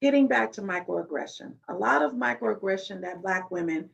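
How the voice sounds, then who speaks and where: A woman's voice: medium pitch, expressive, moderate pace, creaky, muffled recording. A woman hosting a podcast, explaining in an instructive tone and repeating key words for emphasis. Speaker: podcast host.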